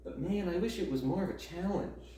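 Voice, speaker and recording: A man's voice: sits high, brisk, warm tone, slight background noise. A young man and college student chatting casually at home during a workout, rambling and ranting with lots of fillers. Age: young adult. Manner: rambling, grumbling rants with many fillers. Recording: roomy, distant mic, faint ambience.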